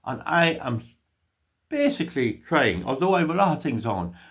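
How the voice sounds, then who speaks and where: A man's voice: medium pitch, very animated, moderate pace, fairly bright tone. An older Irish man giving emphatic, opinionated political commentary in a vlog. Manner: emphatic, opinionated ranting delivery.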